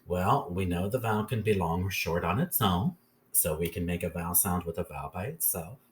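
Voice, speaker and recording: Male teacher, very low voice, patient phonics lesson, light background hiss. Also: brisk. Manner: patient, keeps checking in with "okay?".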